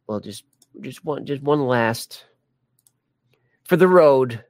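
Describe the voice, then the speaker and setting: A man's voice: medium pitch, animated, takes it slowly, a little mellow, no room sound. A man hosting a live stream, chatting casually and joking while reading viewer comments. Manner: rambling, jokey, many restarts. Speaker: livestream host.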